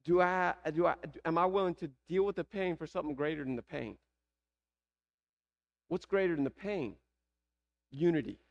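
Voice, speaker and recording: A man's voice: a little high, normal speed, gravelly, pauses often, muffled recording. A man with a Southern American accent preaching a sermon, asking the congregation rhetorical questions. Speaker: pastor.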